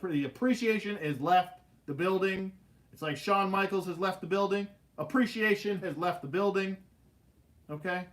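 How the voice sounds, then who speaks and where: A man hosting a casual livestream, telling stories in an animated way with laughs and swearing. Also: high-pitched. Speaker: livestream host. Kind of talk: casual storytelling chat.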